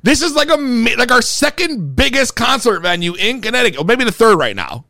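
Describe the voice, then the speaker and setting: A man's voice: very high-pitched, very animated, a little fast, sharp tone, no echo, clean studio sound. A young man casually telling a heated, profane story about a show that went wrong. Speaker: performing rapper telling a story.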